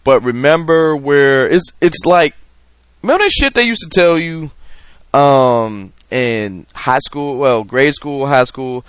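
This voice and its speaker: A man's voice: mid-range voice, animated, slow pace, smooth, no echo. Rambling casual male podcast host. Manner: loose, rambling, profane storytelling with many fillers. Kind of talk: casual monologue.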